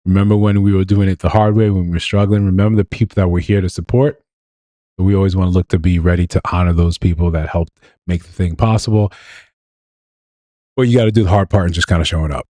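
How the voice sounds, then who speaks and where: A man's voice: sits low, fairly even intonation, fast, warm tone, dry recording, studio quality. A man hosting a live show, talking casually and reacting to clips with laughs and rhetorical questions. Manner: laid-back, chuckling, rhetorical questions. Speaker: host. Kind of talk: live commentary on viral clips.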